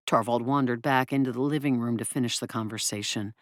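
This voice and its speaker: A woman narrating an audiobook in the first person, in an expressive, brisk way. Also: very deep voice, no echo, studio quality.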